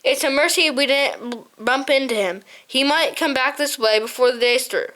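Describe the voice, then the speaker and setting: A testy older male shrew who ferries others across a river, as a woman puts him on, scolding in a brusque, raised voice. It is pitched high and pushed, a storybook character voice. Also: moderate pace, a bit bright. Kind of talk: audiobook reading.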